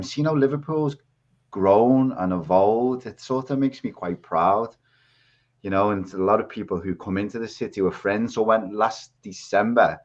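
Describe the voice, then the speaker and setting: A man with a lowish, slightly mellow voice and a Scouse accent from England appears as a podcast guest over a video call. He rambles through his story in a casual chat, and the audio is dull and lo-fi.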